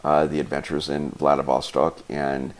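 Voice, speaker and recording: A man telling a travel story in a casual, animated way, laughing often and acting out the people he met. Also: very deep voice, normal speed. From United States. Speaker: travel vlogger.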